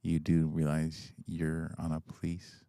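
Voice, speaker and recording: A man's voice: very deep voice, completely flat delivery, measured pace, vocal fry, mellow, clean tone, dry recording, studio quality. A man, a police officer co-hosting a livestream, making joking, chatty asides. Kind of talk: livestream banter.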